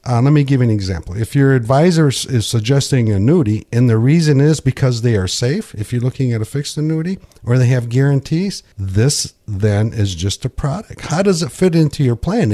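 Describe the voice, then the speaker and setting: A middle-aged man speaks as a financial coach on a radio talk show. He explains in a conversational way and often restarts his phrases. His voice is mellow and warm. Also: mid-range voice.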